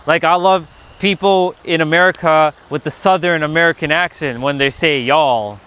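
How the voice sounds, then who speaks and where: A man's voice: a little high, steady tone, moderate pace, pushed and bright, smooth. A man hosting a casual spiritual livestream, rambling loosely, reading the chat and swearing now and then.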